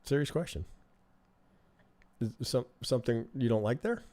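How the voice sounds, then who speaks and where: Going over charts on a live stream, this trading instructor keeps things chatty, thinks out loud and repeatedly checks in with "right?". He speaks expressively at a moderate pace in a mid-range, darkish voice.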